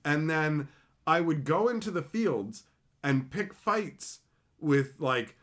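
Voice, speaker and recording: A man, the channel's host, telling a gaming story in a playful, excitable way. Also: fairly high pitch, slow. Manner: playful, excitable, slips into voices. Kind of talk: animated storytelling.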